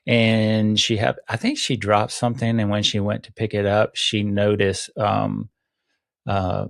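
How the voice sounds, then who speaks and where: A man with a very low voice co-hosting a casual movie podcast. He retells scenes at an unhurried pace, pausing and restarting as he goes. The sound is dry and close to the mic. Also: flat delivery, vocal fry, no room sound. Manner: hesitant, many ums and restarts, slows when retelling scenes. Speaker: podcast co-host. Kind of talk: casual movie review chat.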